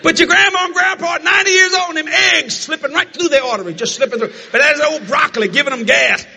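An older man from the American South preaching a sermon, telling folksy family stories with frequent shouting and laughter. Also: very high voice, fast talker, creaky, in a large hall, a little hiss or hum.

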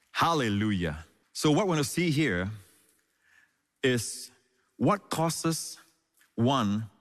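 A man preaching from the pulpit in a mid-pitched voice. He stresses his lines, repeats them for weight, and calls out hallelujah between points. The sound rings with the long reverb of a large hall. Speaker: pastor. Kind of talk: sermon.

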